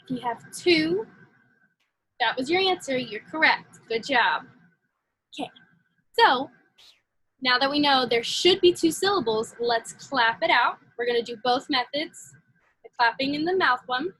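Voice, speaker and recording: A woman teaching a phonics lesson to young children, slow and encouraging. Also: sits high, expressive, sharp tone, poor audio.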